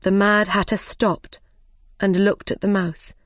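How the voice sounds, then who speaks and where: A woman narrates a storybook in a careful, measured way. She reads very slowly at a middle pitch. The recording is dry and close, with no room sound. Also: level tone, no room sound. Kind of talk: slow, clear storybook reading.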